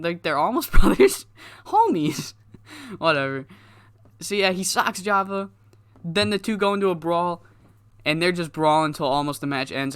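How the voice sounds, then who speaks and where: Guy rambling thru his game, swearing a lot, smooth voice, dry close mic. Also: a little high, bright, forceful tone, no room sound. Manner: loose, rambling, profane, laughs at himself. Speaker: gaming YouTuber. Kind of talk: casual game commentary.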